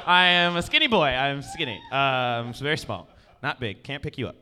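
A man's voice: medium pitch, big pitch swings, moderate pace, pushed and bright. A male comedian doing a stand-up set on stage, rambling and self-deprecating and often checking in with the crowd. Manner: rambling, self-deprecating, keeps asking "you know what I mean". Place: stage before a live audience.

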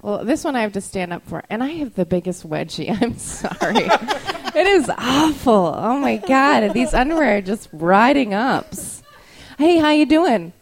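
A woman's voice: a little high, very animated, moderate pace, a crowd in the background. A young woman doing stand-up comedy bits, a bit tipsy and laughing through her lines. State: tipsy from whiskey.

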